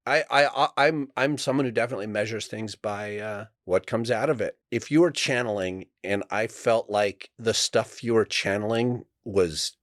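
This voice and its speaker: Low-voiced man, dry close sound. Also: moderate pace, hardly any pauses, no echo. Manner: reflective, frank, swears casually. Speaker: podcast regular. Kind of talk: casual chat.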